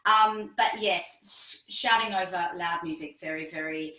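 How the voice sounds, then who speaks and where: A woman's voice: lowish voice, a little slow, pushed and bright, reverberant, distant mic, rough recording. A woman vocal coach explaining technique in a conversational interview, with many fillers and frequent laughs.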